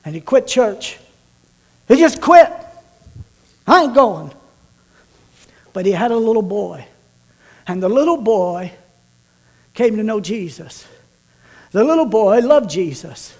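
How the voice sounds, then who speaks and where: A man preaching a sermon with a high, bright voice. He tells a long story with dramatic swings between loud, urgent bursts and hushed, slow stretches. His delivery is lively and full of tension.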